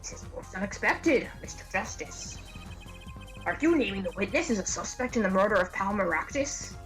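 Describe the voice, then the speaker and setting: A woman's voice: mid-range voice, expressive, a bit bright, faint music behind, natural voice, poor audio. A woman reading a stately old male judge. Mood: formal. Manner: formal, measured courtroom reading.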